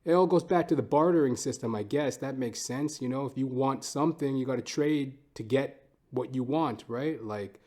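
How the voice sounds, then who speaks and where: A man's voice: mid-range voice, normal speed, a little mellow. Rambling, profane man. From Canada. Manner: profane, rambling, self-mocking. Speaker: podcast host. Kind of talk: casual comedic monologue.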